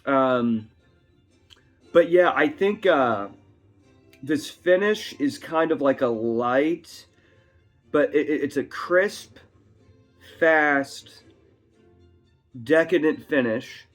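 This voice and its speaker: A man's voice: a little high, expressive, drawn-out words, pauses often. A man giving a rambling, chatty whiskey tasting review at home, full of asides. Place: his home. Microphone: camera on a tripod. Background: faint classical music.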